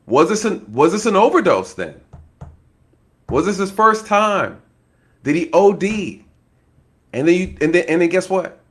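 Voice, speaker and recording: Animated man in casual crime commentary. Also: sits high, a little slow, pauses often. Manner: animated, laughs often, keeps addressing viewers; speculative, acts out scenarios. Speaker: online commentator, former law enforcement.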